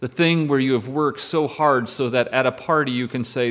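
A man's voice: mid-range voice, moderate pace, a bit bright. A male pastor preaching a sermon in a conversational way, with wry asides to the congregation.

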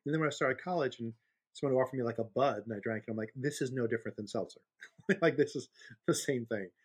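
A man's voice: medium pitch, fast talker, slightly rough. Podcast co-host, male, 50s, loose rambling storyteller, easy laugh. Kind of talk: casual chat.

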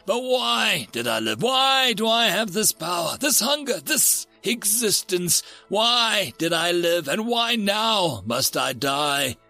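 A man's voice: sits high, big pitch swings, takes it slowly, gravelly, hardly any pauses, bright, forceful tone, soft background music, pitched above the performer's own voice, heavily acted. A man voicing a massive ancient predator that speaks in a demanding, indignant way. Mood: defiant.

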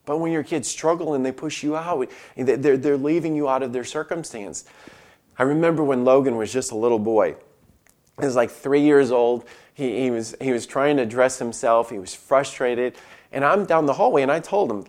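A middle-aged man preaching a sermon at a medium pitch for a man. He swings from firm, raised declarations down to soft, near-whispered lines as he voices words of comfort and weariness. His delivery is earnest and pastoral, with plenty of repetition. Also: normal speed.

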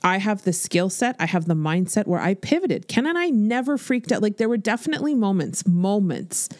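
A woman in her forties hosting a podcast as a business coach, talking in a blunt, animated, swear-filled motivational style. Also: mid-range voice, fairly quick, no echo, studio quality. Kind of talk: casual motivational podcast monologue.

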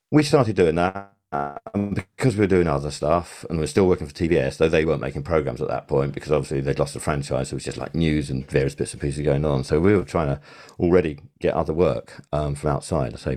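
An older man's voice sits low and mellow as he talks through old work stories as an interview guest. He rambles, doubles back and corrects himself in a loose, conversational way. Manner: rambling, self-correcting storyteller. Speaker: interview guest, TV sound supervisor. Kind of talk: casual interview recollection.

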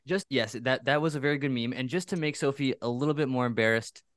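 A podcast co-host tells a story in a teasing, playful way, at a middle pitch. The voice is recorded dry and close. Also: fast, no echo. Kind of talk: casual podcast chat.

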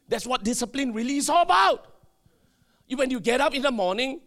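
A male pastor, preaching a sermon emphatically with sudden shouted bursts and call-and-response to the congregation. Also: extremely high pitch, expressive, fairly quick.

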